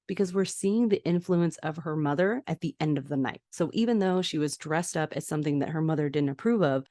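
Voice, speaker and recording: A woman's voice: deep voice, fairly quick, mellow, dry recording, studio quality. A woman hosting a podcast, recapping a TV episode in casual chat, full of "like" fillers and laughter. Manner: chatty, many "like" fillers, frequent laughs. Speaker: podcast host.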